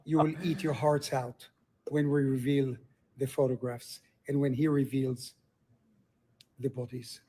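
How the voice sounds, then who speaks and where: A man's voice: medium pitch, level tone, unhurried, long pauses, warm tone. An older man speaking earnestly in a recorded interview clip, confiding and sure of himself.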